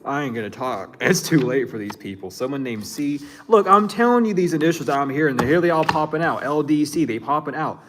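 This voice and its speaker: A man's voice: on the high side, a little fast, few pauses, background noise. A man giving a loose, slangy psychic reading to his viewers, chuckling and thinking aloud with restarts. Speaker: psychic reader. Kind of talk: casual spiritual reading to viewers.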